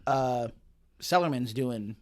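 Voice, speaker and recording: A man's voice: medium pitch, takes it slowly. A man in his forties hosting a podcast, chatting casually with fillers and asking his guest questions. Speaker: podcast host. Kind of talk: casual chat.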